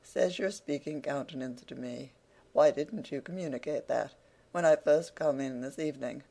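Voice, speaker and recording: A man's voice: a little high, moderate pace, creaky, warm tone. A man voicing a pompous, wheedling schemer. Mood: affable, scheming. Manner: florid, ingratiating, theatrical emphasis. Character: pompous, wheedling older man, sly ballad-seller. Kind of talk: audiobook character reading.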